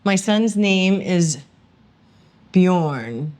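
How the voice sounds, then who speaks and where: A woman's voice: fairly low pitch, expressive, extremely slow, a little mellow. A woman co-hosting a casual podcast chat, teasing and laughing often. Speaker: podcast co-host.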